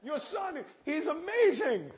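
A man voicing an excited small pastor in a breathless, squealing falsetto. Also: measured pace, heavily acted. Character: excited man, a small pastor who gushes high-pitched. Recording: echoey hall, dull lo-fi sound, faint hiss.

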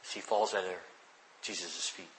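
A man preaching a sermon, explaining scripture earnestly, often restarting phrases and sinking to quiet emphasis. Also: sits low, fairly even intonation, measured pace, slight background noise, low-quality recording. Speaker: pastor.

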